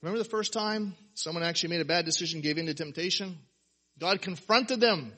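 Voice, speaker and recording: A man preaching a sermon, animated, firing off rhetorical questions and acting out quotes. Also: sits high, fairly quick, husky. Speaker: pastor.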